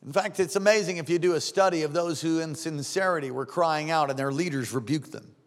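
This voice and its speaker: A man preaching a sermon as pastor, fervent and exhorting, rising to shouts at times. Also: a little high, brisk, big-room sound.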